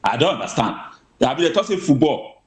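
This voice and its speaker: A man's voice: a little high, sing-song, fairly quick, roomy sound. A man with a Nigerian Pidgin accent speaking as a guest in casual commentary, emphatic with stammering restarts.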